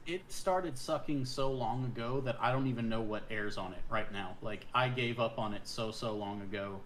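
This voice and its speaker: A man co-hosting a podcast, telling stories in animated casual chat. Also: mid-range voice, moderate pace, low-quality recording. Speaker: podcast co-host. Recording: loud crowd noise behind.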